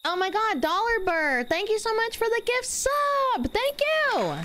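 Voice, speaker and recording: A woman's voice: very high voice, sing-song, unhurried, noisy background. A woman streaming a game live, chatting casually, giggling and thanking viewers over and over.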